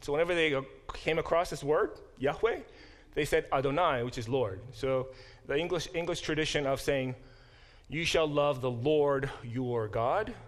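Bible professor, man, middle-aged, easygoing explainer in class. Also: mid-range voice. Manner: conversational, explains terms step by step. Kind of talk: classroom lecture.

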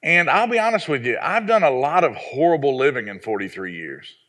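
A man in his forties, raised in the American South, preaches to his congregation. His pitch sits in the middle, and he tells stories in a folksy, self-deprecating way, often stumbling over his opening words before he finds his point. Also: very animated, brisk, fairly bright tone. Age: 40s. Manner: folksy, self-deprecating storytelling with repeated restarts. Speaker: pastor. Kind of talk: sermon.

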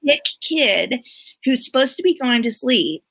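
A woman's voice: fairly high pitch, sing-song, unhurried, creaky, a bit bright, dry recording. A woman co-hosting a casual podcast chat, telling stories eagerly and laughing often. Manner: giggly, enthusiastic storyteller. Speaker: podcast co-host.

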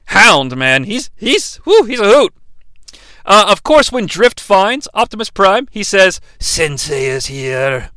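A man's voice: high voice, very animated, measured pace, sharp tone, no echo. A young man hosting a comedic bad-movie recap, sarcastic, profane and rambling. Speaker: host, bad-movie reviewer.

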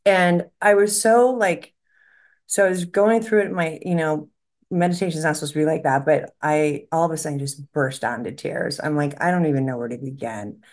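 A woman's voice: sits low, steady tone, normal speed, a little mellow. A woman, a medium co-hosting a podcast, talking in a rambling, emotional way and laughing often. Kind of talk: casual podcast conversation.

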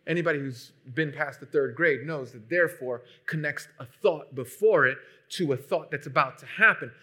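Man, preacher, sermon, bright tone, higher-pitched, emphatic, loud and soft by turns. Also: moderate pace, husky. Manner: emphatic, swings between loud and hushed. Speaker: pastor.

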